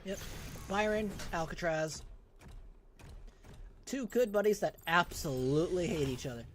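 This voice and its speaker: A video game player giving casual, offhand commentary, wry and quick to swear. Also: mid-range voice, lively intonation, slight background noise.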